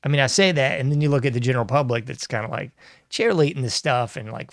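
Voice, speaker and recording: A man's voice: mid-range voice, animated, normal speed, no room sound, studio quality. A man hosting his own show, rambling and sarcastic, laughing often as he talks. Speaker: podcast host. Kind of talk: casual solo commentary.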